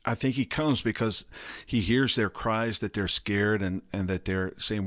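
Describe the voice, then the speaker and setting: Low-voiced man musing on Scripture. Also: unhurried, fairly bright tone, dry recording, studio quality. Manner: rambling, repeats words as he thinks aloud. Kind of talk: casual Bible discussion.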